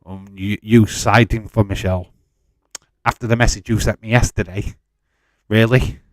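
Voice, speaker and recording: A man's voice: lowish voice, fairly even intonation, moderate pace, no room sound. A man, hosting a livestream and answering viewers in chat in a defensive, direct way. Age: 40s. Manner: defensive, talks straight to chatters by name. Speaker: livestream host. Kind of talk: casual watch-along chat, answering live chat.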